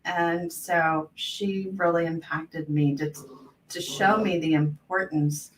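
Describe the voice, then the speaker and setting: A woman's voice: on the low side, steady tone, slow pace. A woman hosting a casual call, talking in an earnest, reflective way. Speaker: host. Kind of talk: casual video-call conversation. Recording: distant mic with faint background noise.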